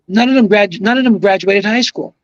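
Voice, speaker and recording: On a laid-back podcast, the retired bowler in his seventies talks fairly fast in a high voice, rambling through stories punctuated by emphatic asides. There's no room sound, and the audio is muffled.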